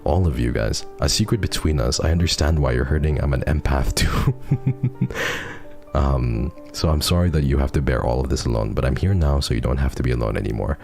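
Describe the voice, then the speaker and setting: A soft-spoken, earnest man chatting casually on a stream while reading messages, laughing often and getting teary. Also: very deep voice, fast, gravelly, hardly any pauses, faint music behind. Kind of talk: casual chat reading donations.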